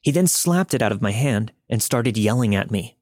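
A man narrating a listener's true story in a steady, scripted podcast reading. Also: mid-range voice, moderate pace, no echo, clean studio sound.

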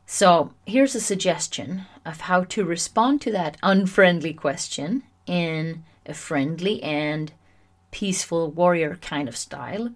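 Lower-pitched woman hosting her own self-help podcast; talks chattily and laughs at herself. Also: unhurried. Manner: chatty, self-mocking and animated. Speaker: podcast host.

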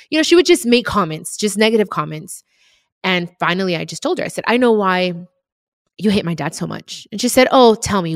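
Woman, personal storytelling, emotional and candid, lowish voice, dry. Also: no room sound. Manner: candid, emotional, acts out remembered dialogue. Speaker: podcast guest telling her life story.

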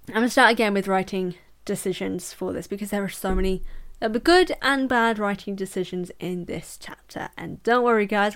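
A young woman hosting a casual book review podcast, chatty and jokey, often breaking into laughter. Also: medium pitch. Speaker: podcast host.

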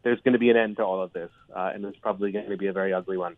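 A man's voice: low-pitched, steady tone, very fast, no room sound. A man, a history professor, giving analysis in a radio interview with a thoughtful, hedging way of talking. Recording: tinny dry phone line.

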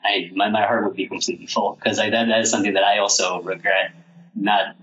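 A man speaking as a podcast guest about his book, halting and reflective with many restarts. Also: on the low side, level tone, a bit bright, highs cut off. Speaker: author guest. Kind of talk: podcast interview.

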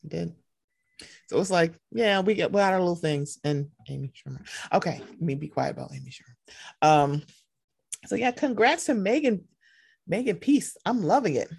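A young woman co-hosting a podcast, chatting casually and animatedly, often jumping into excited quoted voices. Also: moderate pace, gravelly, long pauses, slightly rough, dry recording, clean studio sound. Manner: animated, jumps into high excited voices when quoting. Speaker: podcast co-host. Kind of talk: casual chat.

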